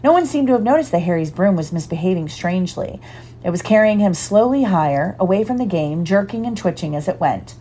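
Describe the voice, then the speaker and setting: A woman giving a lively, expressive storybook narration. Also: lowish voice, a little fast, a little hiss or hum. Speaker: audiobook reader.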